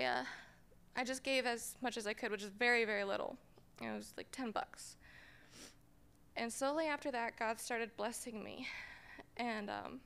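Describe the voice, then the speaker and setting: A woman's voice: on the high side, vocal fry, a bit bright. A young woman giving a personal testimony in church on a handheld mic, hesitant and full of fillers. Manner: hesitant, with fillers, tearful at moments. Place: church sanctuary.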